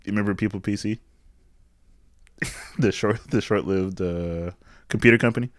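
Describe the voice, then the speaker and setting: A man's voice: lowish voice, normal speed, no echo. A man co-hosting a casual chat, dropping dry, wry asides and obscure pop culture references. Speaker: podcast co-host. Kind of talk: casual movie recap chat.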